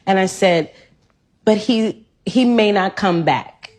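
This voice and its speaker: Woman guest, husky, emotional storyteller. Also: mid-range voice, slow pace, darkish tone. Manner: emotional, acting out quoted lines. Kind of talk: personal storytelling in an interview clip.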